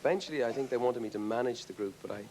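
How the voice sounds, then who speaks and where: An Irish man speaks at an ordinary middle pitch as the guest on a studio talk show. He wanders through his thoughts and keeps restarting his sentences. A faint hiss sits under the voice. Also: very fast, darkish tone, low-quality recording. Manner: thoughtful, rambling, with frequent restarts. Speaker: rock singer interviewed as a guest. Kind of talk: casual TV studio interview. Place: TV studio with an audience.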